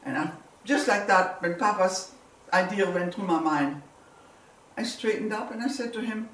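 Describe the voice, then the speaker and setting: A Belgian woman with a mid-range voice, speaking at a moderate pace, gives a vivid personal testimony as a war survivor, repeating words as she goes. The recording sounds roomy, with a distant mic and faint ambience.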